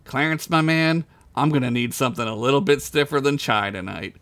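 Lovesick, loyal thief, read plain by a male storyteller; low-key and wistful. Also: a little fast, fairly bright tone, natural voice.

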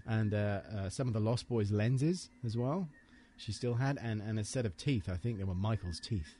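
A man's voice: fairly low pitch, normal speed, mellow, a little hiss or hum. A man hosting a casual podcast, talking enthusiastically and rambling a little in a hotel room. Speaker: podcast host. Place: hotel room with soft furnishings.

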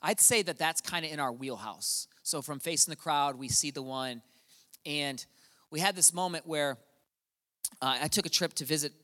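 A middle-aged man preaching a sermon as a pastor, telling stories and swinging from quiet asides to loud repetition. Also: a little high, moderate pace. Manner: storytelling, swings from quiet to shouting. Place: church hall. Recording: long hall reverb.

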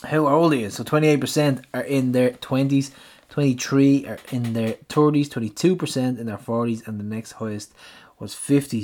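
A man's voice: mid-range voice, a little mellow. A man with an Irish accent, co-hosting a podcast in casual chat, telling stories with laughter. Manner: chatty, laughing storyteller. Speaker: podcast co-host.

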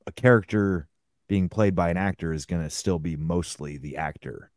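Deep-voiced man hosting a podcast panel. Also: normal speed, no echo, clean studio sound. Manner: musing, hedging, trails off softly. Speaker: podcast host. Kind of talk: casual panel discussion.

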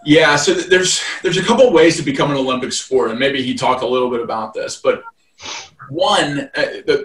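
A man's voice: mid-range voice, animated, normal speed, a bit bright. Rambling man in a roomy, distant recording. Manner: rambling, heavy "like" fillers and restarts. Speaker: guest, fight event promoter. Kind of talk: casual interview chat.

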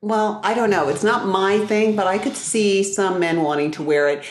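A woman hosting a casual talk show, chatty and quick to laugh. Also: mid-range voice. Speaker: podcast host. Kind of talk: casual chat.

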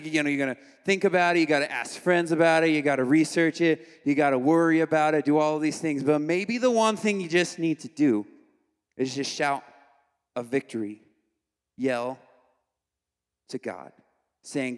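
Animated young man preaching in a hall. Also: on the high side, moderate pace, clear, resonant tone. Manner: animated, conversational, uses slang and asides. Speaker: youth worship leader. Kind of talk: casual youth sermon. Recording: long hall reverb.

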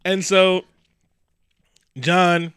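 A man's voice: sits high, flat delivery, very slow, fairly bright tone, smooth, no room sound, studio quality. A man in casual chat, animatedly retelling a movie plot with laughs.

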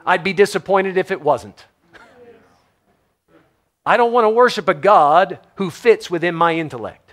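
A man preaching a sermon, shifting between emphatic stresses and hushed low phrases, reading scripture aloud. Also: expressive, normal speed. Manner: reads scripture in old-fashioned wording. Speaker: pastor.

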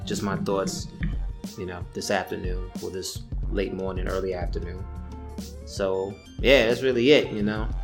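A man in his thirties hosting a podcast alone, telling a rambling, profane story in casual chat. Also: fairly low pitch. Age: 30s. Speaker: podcast host. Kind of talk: casual solo rant.

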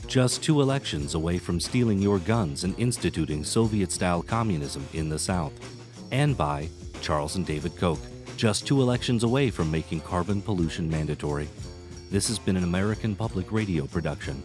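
A man doing a deep radio announcer. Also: expressive. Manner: smooth, measured sponsor read. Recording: announcement over guitar music.

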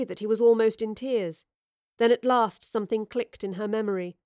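A woman reading a scripted story aloud in a measured, expressive storytelling manner. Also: fairly high pitch, no echo, studio quality. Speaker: narrator. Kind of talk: scripted narration.

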